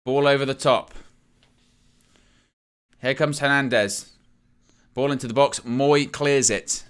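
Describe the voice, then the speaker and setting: A man's voice: mid-range voice, steady tone, slow pace, clear, resonant tone. A man hosting a live fan stream, giving casual running commentary on a football match, with fillers and restarts. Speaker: fan channel host.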